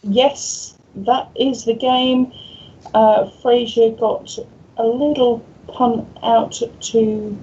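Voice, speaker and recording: A woman co-hosting a live baseball chat show, dry and tired, quick to correct others. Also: on the high side, steady tone, mellow, muffled recording. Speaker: co-host.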